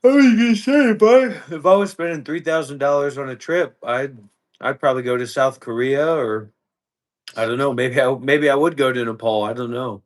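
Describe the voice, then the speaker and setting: A man who streams live, talking in a casual, halting way with restarts, sounding tired. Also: mid-range voice. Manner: rambling, halting, repeats words. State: tired, yawning. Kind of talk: casual chat.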